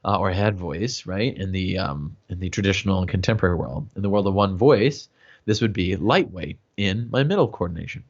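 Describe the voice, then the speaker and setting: Animated male voice teacher, lo-fi audio. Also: low-pitched, brisk. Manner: explains with many fillers, asks "yeah?" and "right?". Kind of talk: casual teaching livestream. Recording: dull lo-fi livestream audio.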